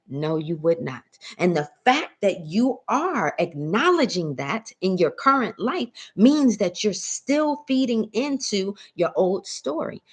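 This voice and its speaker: A woman with a lowish, slightly rough voice teaches a mindset lesson on a live stream. She's coaxing and motivational, frequently checking in with "right?" and "okay?" and calling her listeners "baby."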